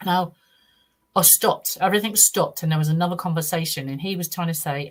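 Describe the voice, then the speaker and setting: On a podcast interview, a low-voiced woman from the United Kingdom shares her own story. She speaks earnestly but haltingly, frequently starting over.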